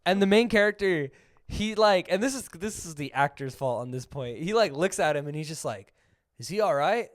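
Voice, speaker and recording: A young man with a high-pitched voice co-hosts a casual podcast about movies. He talks in an animated way, laughs often and acts out lines. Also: a little fast. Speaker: podcast co-host. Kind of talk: casual movie review chat.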